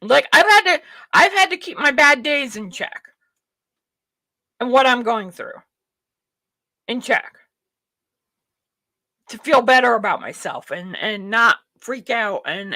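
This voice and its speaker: A woman's voice: fairly high pitch, bright, forceful tone, dry recording. A woman hosting a livestream talk show, ranting bluntly and swearing freely, rambling with restarts and talking to herself. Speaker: show host. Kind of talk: livestream commentary.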